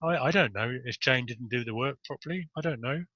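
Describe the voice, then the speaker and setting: A man's voice: mid-range voice, fairly quick, bright, forceful tone, no echo, lo-fi sound. A man voicing a young child who whines and pleads that it was not their fault. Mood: whining. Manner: whimpering, pleading. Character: whiny pleading young child denying blame.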